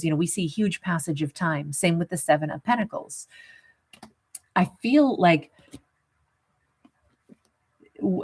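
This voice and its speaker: A woman giving a casual tarot reading, talking in a rambling, conversational way full of asides and the odd chuckle. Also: fairly low pitch. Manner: chuckles at her own jokes. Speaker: tarot reader.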